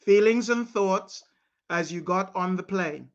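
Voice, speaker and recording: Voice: medium pitch, unhurried, muffled recording. An interviewer on a video call who patiently asks and repeats questions.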